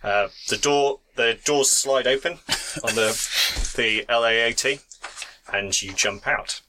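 A man narrating a tabletop role-playing game as game master, relaxed and chatty with fillers. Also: mid-range voice, slow pace, noisy background.

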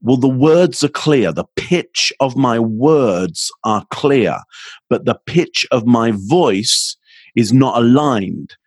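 A man with a slightly husky, breathy voice speaks as an expert guest in an interview. He explains his points patiently, now and then acting out a phrase to show a change of tone. The sound is dry and close. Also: mid-range voice, dry recording. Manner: explanatory, demonstrates intonation with his voice. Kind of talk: podcast interview.

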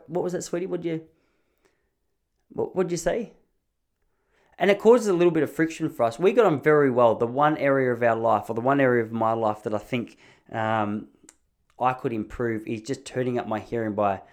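A man talks through a casual comedic podcast monologue from his home studio. He rambles and restarts his sentences as he pokes fun at himself. His voice sits at an ordinary middle pitch. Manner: rambling, self-mocking storytelling with frequent restarts. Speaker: podcast host.

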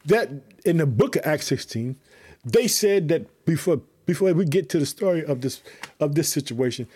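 A man's voice: a little high, lively intonation, normal speed, dark tone, breathy edge. A man preaching a fervent sermon, repeating phrases and urging on his listeners. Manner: fervent, repetitive call-and-response preaching.

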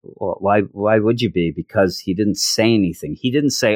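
A man's voice: on the low side, moderate pace, hardly any pauses, a little mellow, dry recording, studio quality. A man casually recapping a comic issue with sarcastic, rambling commentary and frequent stammered restarts. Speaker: comic book podcast host.

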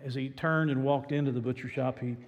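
A man's voice: mid-range voice, fairly even intonation, a little fast. A man preaching a sermon, telling stories in an earnest, plain way. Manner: storytelling, earnest. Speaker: pastor. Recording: echoey hall reverb.

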